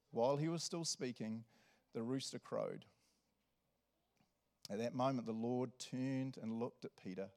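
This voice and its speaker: A man's voice: mid-range voice, measured pace, long pauses. A pastor preaches with lots of energy. He often breaks into chuckles and plays out the scenes he's describing. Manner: animated, laughs often, acts out quotes. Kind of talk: sermon.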